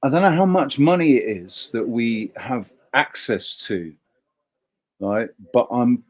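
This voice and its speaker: A man's voice: mid-range voice, expressive, measured pace, darkish tone. A man hosting a casual livestream chat, talking emphatically in a rambling way and swearing freely. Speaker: host.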